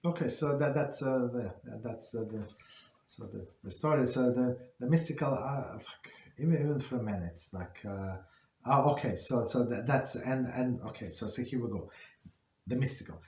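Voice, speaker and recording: A man teaching an online Torah class, telling a story haltingly with many fillers and restarts. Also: mid-range voice, darkish tone. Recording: roomy echo.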